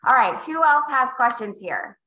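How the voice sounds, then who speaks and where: A high-pitched woman in her forties teaches real estate agents in a live online session at normal speed, acting out small scenes and shifting voices as she tells animated stories. She's a sales trainer, and the poor audio has an echoey room sound.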